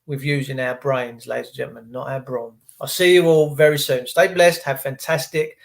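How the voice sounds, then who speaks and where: A man's voice: mid-range voice, fairly even intonation, normal speed, vocal fry. A man hosting a livestream, ranting indignantly and sarcastically and talking straight to his chat viewers. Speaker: livestream host.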